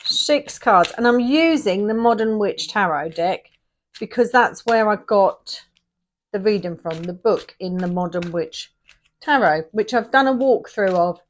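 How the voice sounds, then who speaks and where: A chatty woman doing a casual tarot reading, her voice pitched in the middle for a woman. She rambles, breaks off mid-thought and wanders back again, then drags out each word as she counts the cards onto the table. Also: expressive, a little slow, a little hiss or hum. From England. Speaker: tarot reader.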